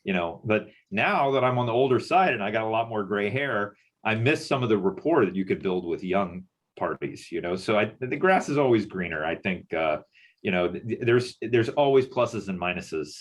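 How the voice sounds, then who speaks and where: Middle-aged male panelist from Texas, deep and husky, rambling thoughtfully over a call. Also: animated, moderate pace. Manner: musing, loose with many fillers. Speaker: presenter. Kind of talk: panel discussion.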